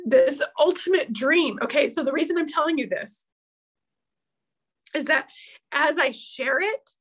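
A woman's voice: high voice, a bit bright, poor audio. A woman in her thirties giving an emotional, heartfelt pep talk to her team, earnest and open, close to tears at times. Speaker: team leader at an accountability meeting.

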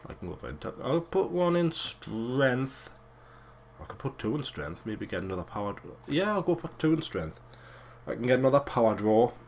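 A young man with a low voice chats over his gameplay. He swears freely and jokes around with easy excitement. A faint hiss of noise sits under the voice. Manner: crude, swearing, excitable and joking. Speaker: let's play gamer. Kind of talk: casual gameplay commentary.

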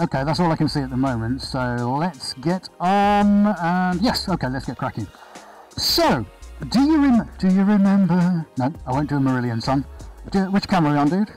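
A man with a slightly high voice chats through a live painting stream in his studio, upbeat and friendly as he greets viewers by name. Soft music plays faintly in the background. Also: lively intonation, normal speed, low-quality recording. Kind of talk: casual live-stream chat. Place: art studio, indoors. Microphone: body-worn chest camera.

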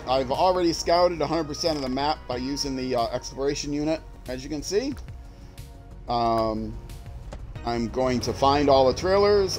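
A man's voice: medium pitch, a little mellow, poor audio. A man streaming a game, chatting casually as he plays, musing aloud and restarting his sentences. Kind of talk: casual gameplay commentary.

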